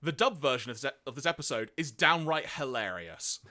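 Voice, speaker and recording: A man's voice: medium pitch, lively intonation, brisk, bright, forceful tone. A man co-hosting a casual podcast, reading out notes on an episode and laughing often. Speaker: podcast co-host.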